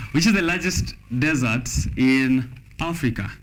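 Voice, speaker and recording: A man's voice: mid-range voice, lively intonation, slow pace, a bit bright. A man with a Kenyan accent hosting a TV talk show, reading quiz questions in a playful, laughing way. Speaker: TV show host. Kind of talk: casual quiz chat. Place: TV studio.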